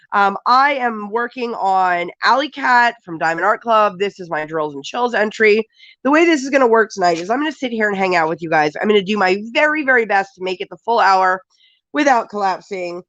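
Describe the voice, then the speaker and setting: A woman's voice: fairly high pitch, no echo, highs cut off. A woman with a cold, sniffly, hosting a casual live stream from home and chatting and greeting viewers one by one.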